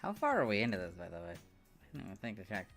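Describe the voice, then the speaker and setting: Lively bright-voiced man losing his voice. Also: on the low side, quick pace, faint music behind. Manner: mutters asides, then reads entries loudly. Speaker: video creator editing on a livestream. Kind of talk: casual livestream chat and reading out stats.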